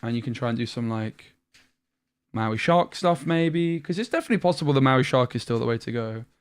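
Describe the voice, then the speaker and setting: Young man, British accent, streamer, thinking aloud, tired, chatty, medium pitch. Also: animated, fairly quick, clean tone. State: tired after a long stream. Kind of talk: live-stream commentary while playing a card game.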